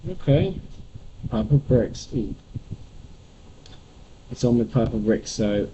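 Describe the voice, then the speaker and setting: A man's voice: medium pitch, animated, slow, pauses often. A man livestreaming as a property investor, thinking aloud with exclamatory asides in casual commentary at home. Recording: dull lo-fi sound with background noise.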